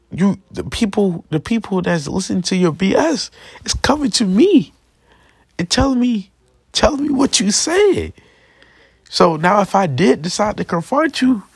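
A man's voice: high-pitched, vocal fry, slightly rough, no echo, clean studio sound. A young man in a casual, slangy vlog rant, aggrieved and repetitive, often checking in with the listener. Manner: slangy, repetitive, aggrieved, keeps asking "you feel me". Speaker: vlogger. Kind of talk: casual straight-to-camera rant.

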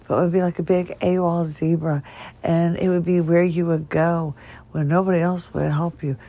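Gravelly, strained woman rambling from bed. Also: fairly low pitch, little pitch movement, normal speed, dark tone. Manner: wandering, tangent-prone, chuckling. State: voice weak and strained, struggling to speak. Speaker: podcast host. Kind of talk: rambling solo podcast talk. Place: in bed at home.

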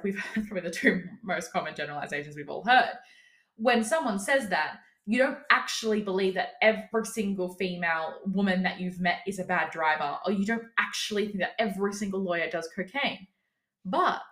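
A woman's voice: mid-range voice, fairly bright tone. A woman coach talking through her own views in a casual solo podcast, candid and cheeky, laughing now and then and swearing for emphasis. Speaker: business coach and podcast host.

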